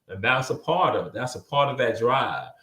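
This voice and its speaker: A man's voice: medium pitch, normal speed. A man speaks as a guest over a video call, recounting his story with lots of energy. He loops back on his words and slips into voices for the people he quotes. His voice sits in the middle range, and the room audio has a noticeable echo. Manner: animated, repeats words, acts out quoted voices. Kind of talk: casual storytelling interview.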